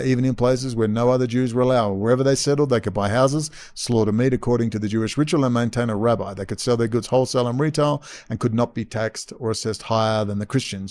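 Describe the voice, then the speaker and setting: A man's voice: mid-range voice, a little mellow, no echo. Guy reading out history stuff then mocking it, sarcastic, dry room sound. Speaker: host. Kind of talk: reading aloud with sarcastic commentary.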